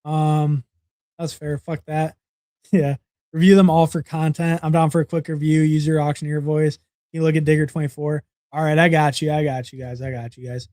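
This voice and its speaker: A man's voice: fairly high pitch, completely flat delivery, moderate pace, dark tone, no echo, studio quality. A young man hosting a livestream, casually reviewing fantasy football draft picks and rambling with lots of fillers and repeated words.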